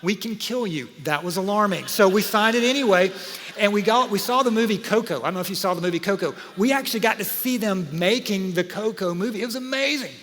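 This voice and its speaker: A man preaches to his church, his voice pitched high for a man. He tells stories in a lively, chatty way and keeps turning to the congregation. The long reverb of a large church hall hangs behind his words. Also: fast talker. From Georgia, USA. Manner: animated, conversational, talks to the audience. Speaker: pastor. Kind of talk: sermon with storytelling. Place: church auditorium.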